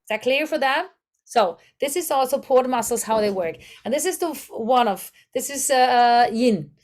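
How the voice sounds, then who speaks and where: A German-accented woman leads a voice workshop, fumbling for English words while she demonstrates vocal exercises. Her voice sits high and sounds animated, and she speaks at a moderate pace. She is a voice coach.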